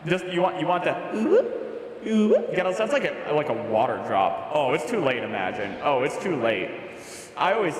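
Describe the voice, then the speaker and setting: There's slight background noise as a streamer and voice actor, his voice a little high, chats casually with his audience. He reads their comments out loud in an animated, jokey manner.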